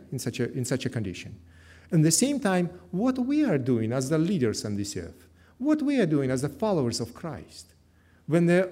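A man's voice: high-pitched, mellow. A man preaching a sermon as pastor, earnest, repeating his key phrases with slightly non-native grammar. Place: church.

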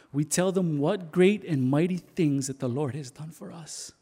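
A man preaching a storytelling sermon in a somewhat high, gravelly voice. He halts at times and repeats himself as he goes. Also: a little mellow. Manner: halting, repeats and restarts words.

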